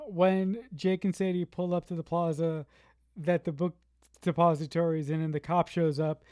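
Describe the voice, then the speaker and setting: A mid-pitched voice co-hosting a TV recap podcast, thinking out loud, stumbling over restarts and throwing in the odd curse. The sound is close and dry, with no room around it. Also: no echo. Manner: rambling, restarts, frequent fillers, swearing. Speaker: podcast co-host. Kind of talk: casual TV recap discussion.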